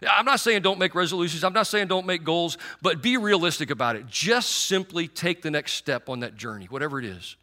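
A man's voice: on the high side, lively intonation, fairly quick, few pauses, sharp tone. A middle-aged man preaching a sermon in a conversational, sarcastic way, with many restarts and fillers.

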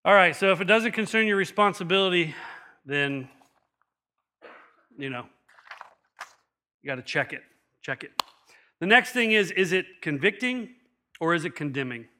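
A middle-aged man delivers a sermon as pastor, his voice bright and sitting slightly high for a man. He tells stories with animation and slips into other people's voices when he quotes them. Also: animated, moderate pace, long pauses.

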